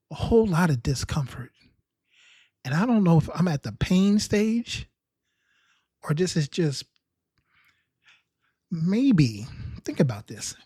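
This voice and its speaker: A man's voice: a little high, a little mellow, breathy edge, dry recording, clean studio sound. A man telling a rambling, self-mocking comic story about his own experience. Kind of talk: humorous personal storytelling.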